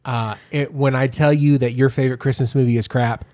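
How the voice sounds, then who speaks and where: A man's voice: mid-range voice, fairly even intonation, fairly quick, dark tone. A man co-hosts a casual podcast conversation. He rambles, circles back with fillers and restarts, and slips in dry jokes. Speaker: podcast co-host. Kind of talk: casual chat.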